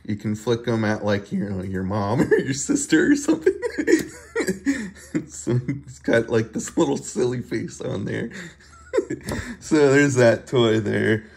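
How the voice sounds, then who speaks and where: A man casually showing off his toy collection, giggling often and talking haltingly with many fillers and restarts. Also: lowish voice, vocal fry, a little mellow. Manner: giggly, laughs often between phrases. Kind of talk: casual show-and-tell video.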